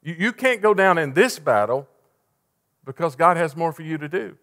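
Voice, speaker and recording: A man preaching a sermon as pastor, swinging between loud urgent passages and hushed, soft ones. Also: fairly high pitch, lively intonation, normal speed. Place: church sanctuary. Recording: long church reverb.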